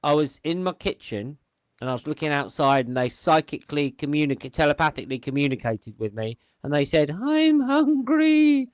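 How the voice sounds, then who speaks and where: A man's voice: mid-range voice, brisk, dry recording. A man hosting a panel show over a video call, playful and theatrical, chatting with his guests. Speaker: host.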